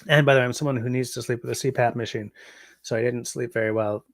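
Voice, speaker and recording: Tired canadian guy rambling thru his livestream chat, gravelly voice, dry close mic, lots of ums. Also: mid-range voice, steady tone, quick pace, no echo. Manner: rambling, chatty, yawning, frequent ums. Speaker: livestream host reading chat.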